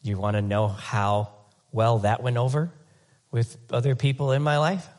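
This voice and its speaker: A male pastor with a mid-range voice preaches at a moderate pace, his sermon conversational and animated with comic asides. He often repeats words while rethinking his sentences.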